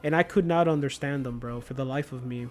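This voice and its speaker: A man's voice: medium pitch, a little fast, faint music behind. A young man livestreaming a game, chatting casually and telling stories in a laid-back way with slang. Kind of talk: casual chat while gaming.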